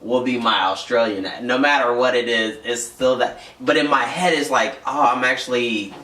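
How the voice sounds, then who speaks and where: A man's voice: medium pitch, sharp tone. An easygoing male co-host who jokes along and pokes fun at himself in a casual comedy chat. His mid-range voice sits back from the mic, with a noticeable room echo. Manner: easygoing and self-mocking, quick to joke along. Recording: roomy echo, mic at a distance.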